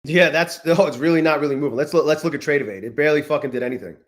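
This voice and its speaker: Brief: male live-stream host, somewhat high voice, loose profane rambling, roomy echoey sound. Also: very fast. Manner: profane, rambling, greets chat viewers. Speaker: livestream host. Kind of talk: casual live-stream chat.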